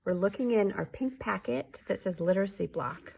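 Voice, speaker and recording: A woman teacher giving a remote lesson to young children, speaking slowly and clearly, modeling words and answers for the class. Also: medium pitch, a little mellow, slight background noise. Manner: slow, clearly spoken teacher voice.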